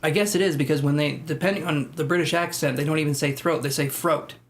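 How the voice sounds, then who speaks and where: Speaking fast in a higher voice with fairly even intonation, a man runs a tarot livestream. He reads viewer comments aloud, chatting casually, joking and laughing often.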